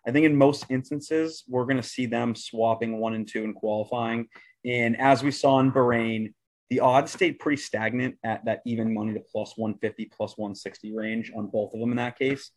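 Man, podcast co-host, relaxed, casual chat, betting tips. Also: medium pitch, moderate pace.

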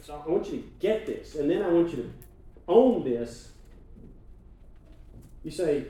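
A man's voice: on the high side, big pitch swings, mellow. Male preacher in an echoey sanctuary. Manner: emphatic, slows down to stress scripture readings; asks the congregation to read along aloud. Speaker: pastor. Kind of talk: sermon. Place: church sanctuary. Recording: echoey sanctuary, mic heard from a distance.

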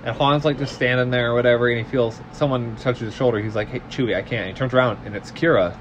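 A man's voice: mid-range voice, fairly even intonation, fast talker, lo-fi sound, a little hiss or hum. A man co-hosting a podcast, casually recapping a film in a rambling way, full of fillers and quoted lines. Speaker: podcast co-host.

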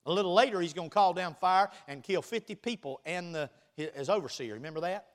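High-voiced man preaching a sermon. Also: a little fast. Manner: animated preaching, swinging between loud bursts and quiet asides; teasing and conversational, reading scripture aloud.

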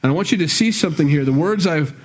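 A male pastor delivers a sermon to his congregation in a conversational preaching style. His voice sits a little high for a man, and he swings into emphatic, scolding bursts. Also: lively intonation, fast talker. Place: church sanctuary with a congregation.

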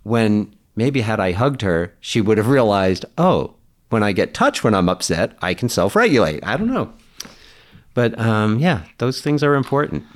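A man talking in a relaxed, earnest way about parenting and mentoring, often quoting people. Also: lowish voice, normal speed. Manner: earnest, reflective, quotes others in animated voices. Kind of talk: casual conversation.

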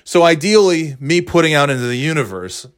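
A man's voice: on the high side, sing-song, a little fast, no echo. A man hosting a solo podcast, rambling in a sarcastic, profane way while talking into his phone as he walks. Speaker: podcast host. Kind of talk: casual solo podcast monologue. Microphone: phone held while walking.

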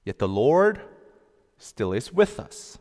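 A male pastor preaching a sermon, slow and deliberate, with emphatic rising outbursts. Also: mid-range voice, big pitch swings, a little mellow. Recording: long reverb of a large hall.

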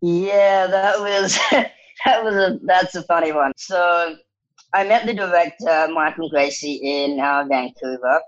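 High-voiced man telling animated stories. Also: slow pace, dull audio. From New Zealand. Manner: animated, laughing often, quoting others in lively bursts. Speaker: actor guest. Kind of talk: casual storytelling interview.

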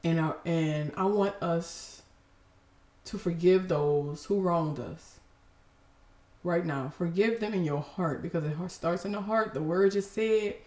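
A woman's voice: fairly low pitch, measured pace, echoey room. Emotional woman podcast host. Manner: emotional, expressive, teary laughter. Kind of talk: faith podcast talk.

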